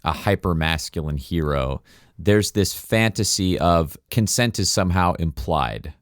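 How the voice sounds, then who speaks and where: Podcast guy retelling a movie scene by scene, lowish voice, dry close mic. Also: unhurried, no room sound. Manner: animated storyteller, quotes and acts out scenes with laughter. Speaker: podcast co-host. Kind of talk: casual film recap chat.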